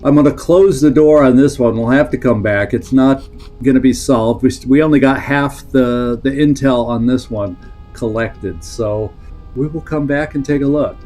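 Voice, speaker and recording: A man's voice: mid-range voice, moderate pace, warm tone, faint music behind. A man streaming a strategy game, thinking aloud, reading in-game text and answering chat as he plays. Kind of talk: live-stream gameplay commentary.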